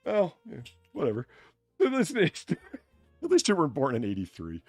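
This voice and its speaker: A man's voice: on the high side, huge pitch swings, normal speed, darkish tone, no room sound, soft background music. Rambling, profane man chatting on stream. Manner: profane, rambling, jokey storyteller. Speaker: stream host. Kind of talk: casual chat on a livestream.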